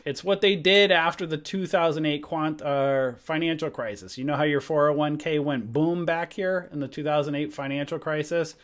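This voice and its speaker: Man hosting a casual trading stream, thinking out loud, self-correcting, fairly high pitch. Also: moderate pace, few pauses. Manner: musing aloud, trailing off, self-correcting. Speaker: host of a trading livestream. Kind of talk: casual livestream chart talk.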